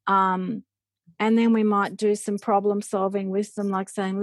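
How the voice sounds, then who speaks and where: A woman, a parent guest talking casually and haltingly, with many fillers. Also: mid-range voice, level tone, no room sound. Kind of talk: casual chat.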